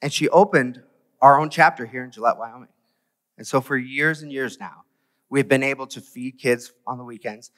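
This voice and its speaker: A man preaches in a loose, conversational way, tossing rhetorical questions at his listeners. His voice sits at an ordinary middle pitch. The sound carries the long reverb of a large church hall. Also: normal speed, fairly bright tone. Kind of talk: sermon. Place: church sanctuary.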